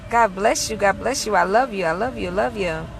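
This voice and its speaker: A woman's voice: medium pitch, normal speed, creaky. A woman ministry leader chatting casually on a livestream from a parked car outside a mall, greeting viewers by name and blessing them.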